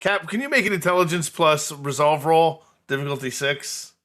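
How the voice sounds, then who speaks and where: A man narrating scenes and calling for rolls as game master of a tabletop role-playing game, in a measured, descriptive way. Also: a little high, a bit bright.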